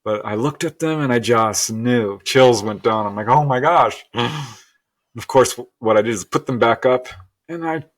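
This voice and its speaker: A middle-aged man as a guest, telling a personal story earnestly and with animated laughs. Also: medium pitch, moderate pace. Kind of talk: storytelling interview.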